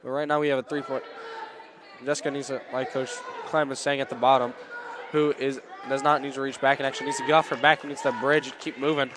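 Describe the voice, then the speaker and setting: A man doing live play-by-play commentary at a school wrestling meet, excitable and rambling, often stopping to apologize. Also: medium pitch, quick pace. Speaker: play-by-play announcer. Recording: loud gym crowd noise. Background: cheering crowd and shouting coach.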